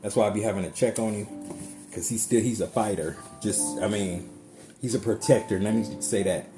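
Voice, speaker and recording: Speaking briskly in a lowish voice, a man delivers a casual tarot reading to viewers, chatty and emphatic with plenty of swearing. He's working as a tarot card reader, and music plays under his voice.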